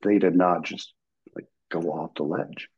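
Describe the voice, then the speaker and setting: A man with a deep, husky voice tells a story with lively energy, acting out the people in it. He is a guest talking casually about his time in the military, and the sound is slightly dull. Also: unhurried. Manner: animated, acts out quoted voices, laughs while telling.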